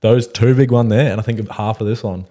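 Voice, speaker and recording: A man's voice: fairly low pitch, steady tone, warm tone. A young Australian man co-hosting a podcast, telling stories in loose, sweary casual chat. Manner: swearing, laid-back slang, fast storytelling. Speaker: podcast co-host.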